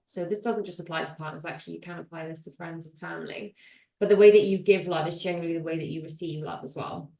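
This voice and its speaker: A woman's voice: lowish voice, darkish tone. A woman in her late twenties co-hosting a podcast, chatting casually and teasing her partner. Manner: chatty, teasing, self-deprecating. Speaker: podcast co-host. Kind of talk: casual chat. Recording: roomy echo.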